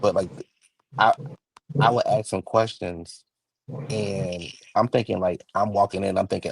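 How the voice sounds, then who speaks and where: Casting: low, gravelly man in his thirties, husky, dry close sound, easygoing podcast storyteller. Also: normal speed, dry recording, rough recording. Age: 30s. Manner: storytelling, relaxed and conversational. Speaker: podcast co-host. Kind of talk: casual chat.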